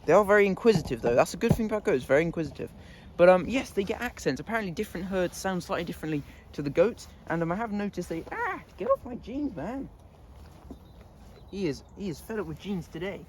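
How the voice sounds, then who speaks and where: A man's voice: sits high, expressive, very fast, darkish tone, slight background noise. Chatty man talking outdoors. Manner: chatty, laughs often, scolds his goats. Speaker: vlogger. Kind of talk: casual vlog talk. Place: outdoors in a goat pen.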